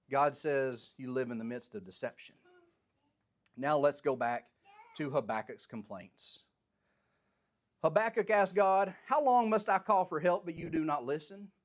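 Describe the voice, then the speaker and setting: Animated high-voiced man teaching Bible study. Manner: reads scripture aloud, then paraphrases it in plain everyday speech; animated, voices the prophet's complaints with rising intensity.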